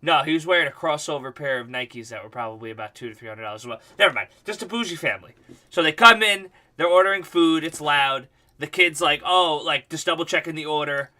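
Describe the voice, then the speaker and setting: A man's voice: a little high, fast talker, bright, forceful tone. A male livestream host telling a rambling, profane story in casual chat.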